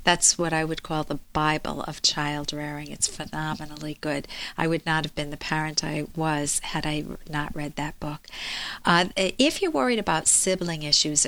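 A woman's voice: low-pitched, fairly bright tone. A woman psychologist who hosts an advice show and speaks earnestly and emphatically, acting out quoted speech. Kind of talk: advice talk and book reading.

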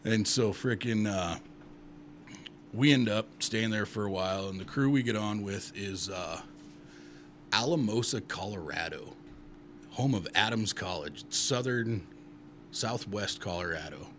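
Low-voiced man from Montana rambling. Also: measured pace, long pauses, fairly bright tone, a little hiss or hum. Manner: rambling, profane, with many uh fillers. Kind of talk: casual storytelling.

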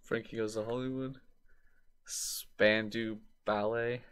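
A man's voice: lowish voice, level tone, takes it slowly, a bit bright, clean tone. A man in casual chat, blunt and swearing freely, making dry jokes while ranking bands.

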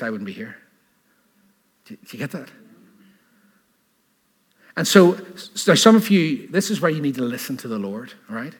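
A man preaching a sermon in an animated style, asking rhetorical questions and adding laughing asides, in a church hall. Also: medium pitch, breathy edge. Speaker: pastor.

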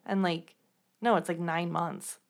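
A woman's voice: on the low side, fairly even intonation, a little slow. A woman co-hosting a podcast in casual chat, teasing and saying "like" a lot. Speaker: podcast co-host.

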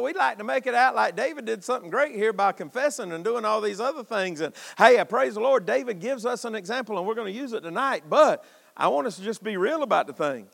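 High-pitched gravelly preacher. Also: male voice, fairly bright tone, big-room sound. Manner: impassioned, folksy, calls out to congregation. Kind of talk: sermon. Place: church sanctuary.

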